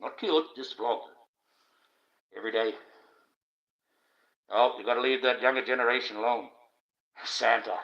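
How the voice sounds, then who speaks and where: A man's voice: mid-range voice, normal speed, pauses often, a bit bright. An Australian man hosting a livestream, delivering a blunt, profane, indignant rant. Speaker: livestream host. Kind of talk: ranting livestream monologue. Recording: dull lo-fi stream audio.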